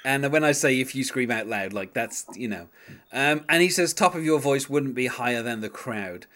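A man's voice: medium pitch, expressive, moderate pace, a bit bright. A young man chatting casually about song lyrics as a podcast co-host, rambling with many fillers and restarts.

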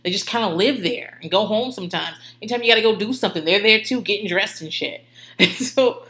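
A woman's voice: medium pitch, a little fast, fairly bright tone. A woman telling rambling, profane stories in a casual way, laughing often. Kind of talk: casual storytelling. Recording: roomy echo.

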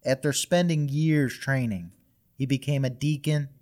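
A man's voice: mid-range voice, unhurried, darkish tone. A man hosting a podcast, casually retelling a history story with profanity and frequent laughter. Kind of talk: casual comedy podcast narration.

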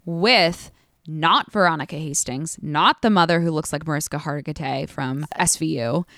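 A young woman calmly laying out a tangled story on a podcast, with dry jokes. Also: low voice, normal speed, no echo. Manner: matter-of-fact explainer, dry jokes. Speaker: podcast guest. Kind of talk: casual chat.

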